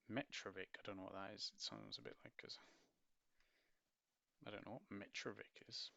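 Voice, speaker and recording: A man's voice: deep voice, very animated, moderate pace, creaky, pauses often, bright, forceful tone, no echo. A man reviewing a children's play script in a casual, rambling way, musing aloud and correcting himself as he goes. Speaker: book reviewer. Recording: dull lo-fi dry recording.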